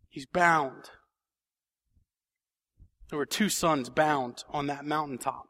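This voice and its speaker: A man's voice: fairly high pitch, slow, long pauses, fairly bright tone. A man preaching a sermon in a church, reading scripture and then building to emphatic questions. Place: church sanctuary.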